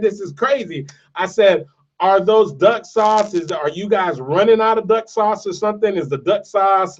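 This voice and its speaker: A man's voice: high voice, far from the mic, muffled recording. A man telling a story and delivering a motivational talk, emphatic and repetitive. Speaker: motivational speaker. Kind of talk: motivational monologue.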